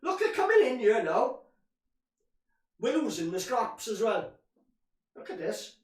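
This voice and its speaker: A man's voice: extremely high pitch, very animated, a little slow. Guy doing fan watch-along commentary, frustrated rant, sounds far from the mic in an echoey room. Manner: frustrated, ranting, calls listeners "boys". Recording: roomy echo, distant from mic.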